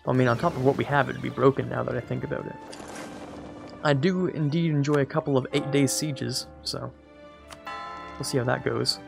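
A man's voice: medium pitch, steady tone, normal speed, gravelly, pauses often, music in the background. A man giving casual, rambling commentary on a strategy game as a let's play host, correcting himself and joking as he goes. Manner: rambling, self-correcting, jokey asides.

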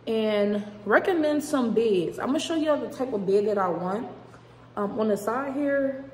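A woman's voice: on the high side, moderate pace, a little mellow. A young woman vlogging casually at home, chatty and rambling, full of slang. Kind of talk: casual chat to camera. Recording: echoey room with long reverb.

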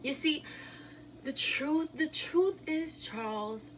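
A young actress playing an unraveling wife who laughs nervously through her divorce, her lines swinging from loud outbursts to hushed murmurs. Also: high voice, expressive, takes it slowly, a little hiss or hum, poor audio. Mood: quiet, broken. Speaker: actress performing a monologue. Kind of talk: dramatic monologue.

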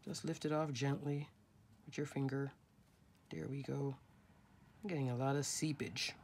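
A woman's voice: extremely low pitch, fairly even intonation, normal speed, pauses often, a little mellow, slightly rough. A woman hosting a craft tutorial, talking casually and instructively while she works step by step with her hands. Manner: chatty, instructive, talks while working with hands.

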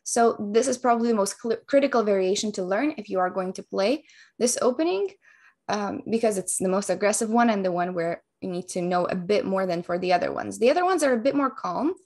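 A woman coach walks through a chess opening at an even, methodical pace. Her voice sits in a middle range, neither high nor low. She explains each move patiently to the viewers. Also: fairly quick. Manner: calm, methodical explanation of moves.

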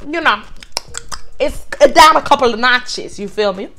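A young woman, a former makeup store worker, telling a casual storytime in a profane, animated, sassy manner while styling her hair. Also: fairly high pitch, measured pace, a little hiss or hum.

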